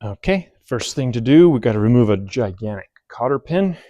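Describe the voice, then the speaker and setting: A man's voice: mid-range voice, animated, moderate pace, dark tone, no echo, lo-fi sound. A man narrating casually as he takes a tractor apart in his workshop, thinking aloud and poking fun at himself. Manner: thinking aloud, self-deprecating, bursts of amused laughter. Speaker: hobby mechanic vlogger.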